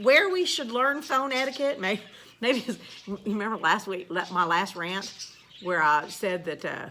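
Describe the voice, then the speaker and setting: A woman's voice: mid-range voice, sharp tone, a little hiss or hum. A woman teacher, ranting casually in a blunt, sarcastic way and swearing now and then.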